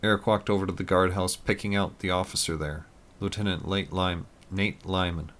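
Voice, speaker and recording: Deep-voiced man reading a story. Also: fairly even intonation, normal speed, a bit bright. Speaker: narrator. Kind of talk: audiobook narration.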